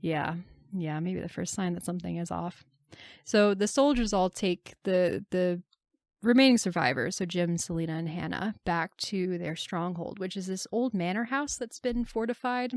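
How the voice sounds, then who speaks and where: A young woman co-hosting a film podcast, recapping the plot in casual chat, wry and quick to laugh, slowing down as she narrates the scenes. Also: on the low side, darkish tone, no room sound, studio quality. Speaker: podcast co-host.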